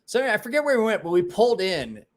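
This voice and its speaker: A man's voice: high-pitched, fast talker. A man hosting a live stream, telling stories and swearing freely in casual chat. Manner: animated storyteller, swears freely. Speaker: livestream host.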